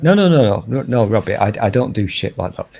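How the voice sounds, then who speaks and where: A man's voice: on the low side, lively intonation, fast, vocal fry, darkish tone. A man chatting on a livestream call in a mock-grand, self-important joking manner. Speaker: guest. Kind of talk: casual livestream chat.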